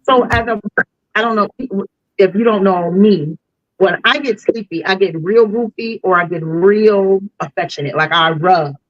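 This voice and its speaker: A woman's voice: mid-range voice, a little slow, no echo, muffled recording. A woman, a delivery driver guest on a podcast, telling a story casually and animatedly with slang. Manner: animated, slangy, acts out voices.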